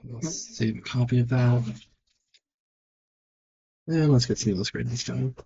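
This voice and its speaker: A man's voice: medium pitch, a little slow, vocal fry, mellow, highs cut off, slight background noise. A man thinking aloud and judging his own work as he draws, in casual narration. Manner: muttered, self-critical thinking aloud. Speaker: digital artist. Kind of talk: casual narration while drawing.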